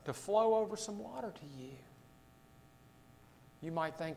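A man preaching a sermon as pastor, swinging between loud emphatic lines and quiet, low asides, repeating words for weight. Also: animated, a little slow, gravelly, long pauses, long reverb tail, low-quality recording.

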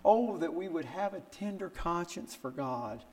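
Older male pastor, sermon delivery, animated storyteller who tosses out rhetorical questions and leaps up in pitch for quotes. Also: measured pace. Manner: acts out quotes with big pitch jumps.

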